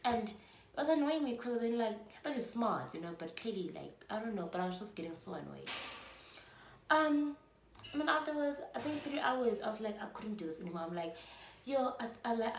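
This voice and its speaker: A young woman in her early twenties with a South African accent, telling a casual storytime in a chatty, animated way full of "like" fillers. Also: a little high, vocal fry. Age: early 20s. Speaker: vlogger. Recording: echoey room, faint background noise.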